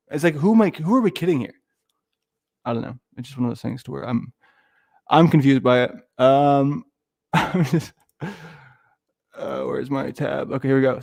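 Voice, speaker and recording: A man's voice: a little high, a little mellow, no echo, clean studio sound. A man hosting a livestream, rambling through casual commentary with lots of swearing and restarts. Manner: rambling, profane, loses his thread. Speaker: streamer host.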